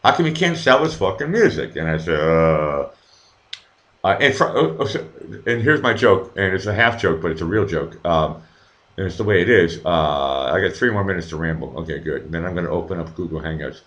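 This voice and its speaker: A man's voice: low-pitched, a little fast, fairly bright tone. A middle-aged man hosting a live stream, rambling casually, swearing freely and reading viewers' chat aloud with many fillers and restarts. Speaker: livestream host.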